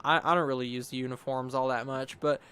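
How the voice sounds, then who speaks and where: A man's voice: mid-range voice, fairly even intonation, fast talker, a bit bright, clean tone. A young man casually recapping his gameplay in a rambling, upbeat way, full of fillers and quoted asides. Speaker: gaming YouTuber.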